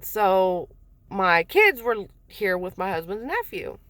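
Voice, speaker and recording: A woman's voice: mid-range voice, sing-song, slow, fairly bright tone, dry recording. A mother telling a personal story in a casual, rambling way, swearing freely.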